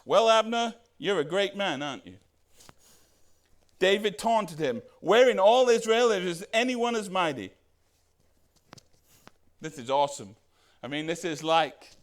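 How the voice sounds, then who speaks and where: A man pastor preaching a sermon in a conversational way, asking rhetorical questions and acting out the quoted lines. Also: sits high.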